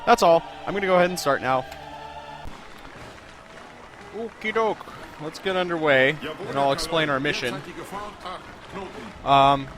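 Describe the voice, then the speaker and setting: A man's voice: a little high, fairly even intonation, moderate pace. A man hosting a let's-play video, talking casually and rambling through his plans in a self-deprecating way. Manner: chatty, rambling and self-deprecating, with frequent fillers. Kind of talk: casual gameplay commentary.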